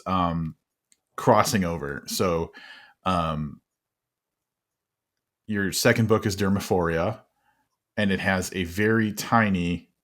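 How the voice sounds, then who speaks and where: A man hosting a casual interview, enthusiastic and quick to laugh. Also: low-pitched, a bit bright. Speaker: podcast host.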